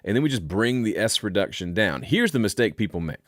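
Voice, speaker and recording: Guy hosting a home studio live q&a, kinda low voice, dry close sound, jokey and chatty. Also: very animated, fairly quick, fairly bright tone, no room sound. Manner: playful, jokey, explains with asides. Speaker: host.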